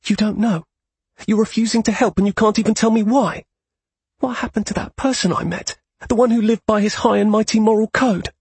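A man's voice: fairly high pitch, steady tone, brisk, vocal fry, breathy edge, no room sound, pitched above the performer's own voice, heavily acted. A man voicing Neela, a fiery young woman. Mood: angry. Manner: pleading, sharp when angered. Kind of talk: audiobook character voice.

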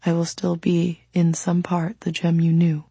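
A woman reading an audiobook voices a gentle, kind male immortal in a soft, measured and tender way. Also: on the low side, monotone, slightly rough, no room sound, heavily acted.

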